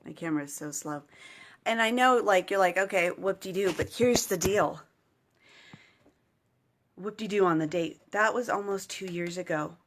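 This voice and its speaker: A woman's voice: fairly low pitch, moderate pace, long pauses, a bit bright, slight background noise. Earnest woman vlogging to moms. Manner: earnest and encouraging, speaks straight to the viewer. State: choked up with emotion at times. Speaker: certified mentor speaking to moms. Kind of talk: motivational vlog talk to camera.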